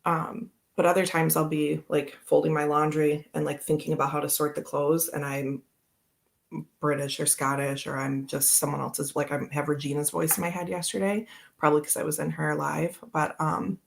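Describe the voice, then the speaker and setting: Woman, tarot stream host; low, gravelly, loose and chatty. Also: level tone, moderate pace. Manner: chatty, rambling, laughs often. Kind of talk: casual live-stream chat.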